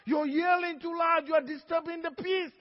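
An irritated crowd of bystanders scolding someone to hush, loud and sharp, as a preacher plays them in a sermon. The voice is high for a man. It echoes through a hall on a muffled recording. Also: fairly even intonation, moderate pace. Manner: shouting, scolding. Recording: dull, echoey church hall.

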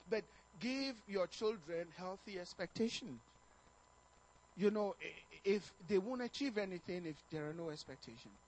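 A middle-aged man preaching a sermon, telling family stories in an animated way, chuckling and stammering now and then. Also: high voice, low-quality recording. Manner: animated storytelling, chuckling, acting out quotes with stammers. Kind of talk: sermon on parenting told as a personal story.

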